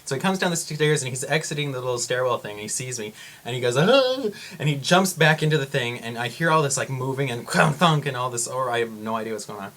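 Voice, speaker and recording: A man vlogging to camera, telling a story in a rambling, excitable way with frequent exclamations. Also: medium pitch, fast talker.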